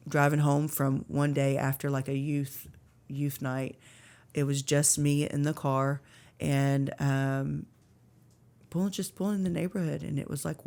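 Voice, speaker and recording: A woman in her thirties, appearing as a podcast guest, shares an earnest, emotional testimony of faith and struggle, filling it with lots of fillers. Her voice is deep, creaky, and a little mellow.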